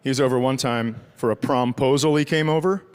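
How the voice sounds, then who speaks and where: A middle-aged man doing stand-up storytelling with animated, crude delivery that jumps higher for the punchlines. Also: fairly quick, clean tone, long reverb tail. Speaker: stand-up comedian.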